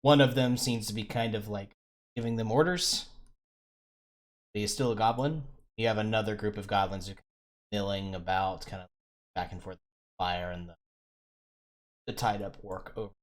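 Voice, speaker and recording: A man's voice: fairly low pitch, steady tone, normal speed, long pauses. A man narrating a tabletop game as game master, in a loose way with many fillers.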